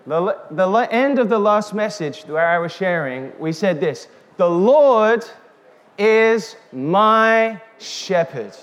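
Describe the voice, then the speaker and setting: A man preaching a sermon, slow and emphatic, calling out questions to the congregation. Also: a little high. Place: church hall. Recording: reverberant hall with faint noise.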